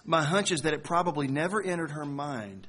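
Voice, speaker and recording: A man delivering a sermon to a congregation, telling a story in a conversational way with slow, emphatic phrasing. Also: fairly high pitch, animated, fairly bright tone, breathy edge. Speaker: pastor.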